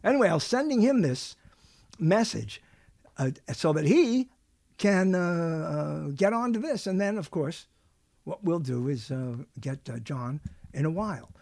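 High-pitched rambling male talk show host. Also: lively intonation, a little slow, vocal fry, a little mellow, dry recording, clean studio sound. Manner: rambling and joking, lots of fillers and restarts. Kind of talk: casual talk show chat.

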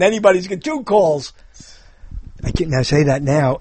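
A man's voice: a little high, animated, normal speed, long pauses, a little mellow, a little hiss or hum. A man hosting a show in casual comedic chat, rambling and jokey, now and then slipping into silly voices. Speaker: show host.

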